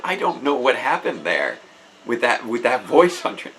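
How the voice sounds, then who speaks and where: A man's voice: mid-range voice, sing-song, moderate pace, fairly bright tone, slight background noise, rough recording. A man hosting a casual live stream, chatting with enthusiasm and often restarting his sentences. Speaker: host.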